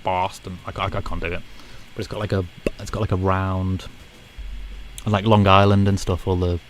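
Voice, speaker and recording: Deep-voiced and fairly flat in pitch, this Northern English streamer, whose accent is close to Scouse, talks a little fast over slight background noise. He's relaxed as he games and chats with viewers, peppering his speech with "like" and "you know".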